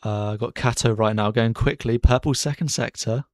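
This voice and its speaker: A man streaming casual live race commentary from his bedroom, chatty and excitable as he cheers drivers on. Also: mid-range voice, normal speed, few pauses, dry recording, clean studio sound. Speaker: streamer hosting a racing watchalong. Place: bedroom at home.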